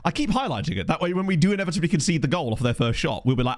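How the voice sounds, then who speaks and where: A man giving chatty, excitable live commentary on a football management game he is playing. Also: on the high side, racing, hardly any pauses. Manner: excitable, chatty, thinks aloud. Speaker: video game streamer.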